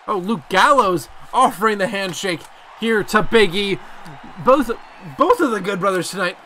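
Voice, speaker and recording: A young man giving excitable play-by-play commentary on a video game wrestling match, casually swearing. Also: high voice, moderate pace, some chatter behind, a little hiss or hum. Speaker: gameplay commentator.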